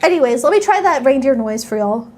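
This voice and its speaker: High-voiced bubbly woman streamer. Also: lively intonation, fast, a little mellow. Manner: bubbly, playful, reads and thanks chat, sometimes squeals. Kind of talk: casual live-stream chat.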